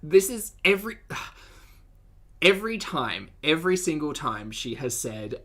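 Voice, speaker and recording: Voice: mid-range voice, sing-song, takes it slowly, fairly bright tone. A host of a live reaction stream, giving sarcastic, exasperated commentary and laughing often.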